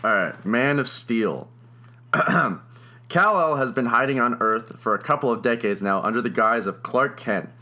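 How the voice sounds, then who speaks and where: A young man co-hosting a podcast, casually retelling a movie plot in his own words, chatty and quick to laugh. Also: mid-range voice, lively intonation, pushed and bright. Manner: chatty, laughs often, many fillers. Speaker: podcast co-host.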